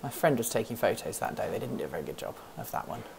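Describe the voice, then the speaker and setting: Low gravelly woman chatting on a stream. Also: big pitch swings, racing, a little mellow, slight background noise. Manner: rambling, thinks aloud, answers chat questions. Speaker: host of a livestream hangout. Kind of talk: casual live-stream chat. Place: office.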